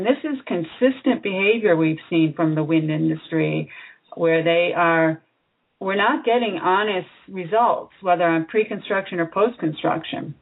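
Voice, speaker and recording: Low-voiced woman interviewer on phone. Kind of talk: interview questions. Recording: tinny phone line.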